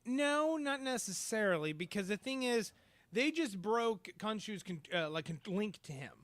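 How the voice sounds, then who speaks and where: Man, podcast co-host, casual review chat, bright voice, rambling with fillers. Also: sits high, big pitch swings, normal speed, no echo. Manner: rambling, many fillers and restarts.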